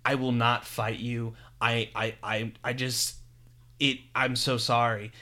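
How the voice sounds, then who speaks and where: A man's voice: medium pitch, little pitch movement, takes it slowly, bright, forceful tone. A man retelling a comic and voicing a weeping young male hero who stammers apologies. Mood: tearful.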